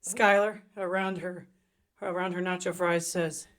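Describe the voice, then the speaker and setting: A middle-aged woman co-hosting a podcast, telling a story in casual chat, swearing freely and acting out quotes in high voices. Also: steady tone, unhurried. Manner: swears freely, laughs often. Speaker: podcast co-host.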